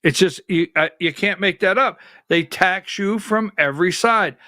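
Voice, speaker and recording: A man's voice: sits high, moderate pace, pushed and bright, no echo, studio quality. A man hosting a live political talk show, speaking conversationally and firing off rhetorical questions at his listeners.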